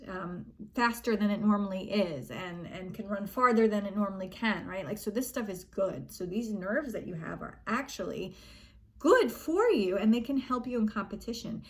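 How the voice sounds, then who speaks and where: Earnest woman coach giving reassuring advice. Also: medium pitch. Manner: earnest and reassuring, acts out an athlete's panicked inner voice. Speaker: gymnastics coach. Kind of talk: casual spoken coaching advice.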